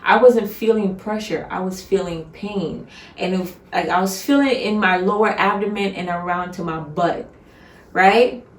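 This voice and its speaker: A woman's voice: medium pitch, moderate pace. A woman casually telling the story of her labor, chatty with lots of "like". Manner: chatty, lots of "like", laughs easily. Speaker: vlog co-host, new mother. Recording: echoey room, mic at a distance.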